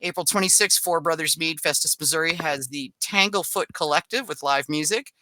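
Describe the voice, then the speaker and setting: Bright-voiced woman reading event listings. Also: deep voice, no echo. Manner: reads a list briskly with asides and small laughs. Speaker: podcast host. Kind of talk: casual event-listing readout.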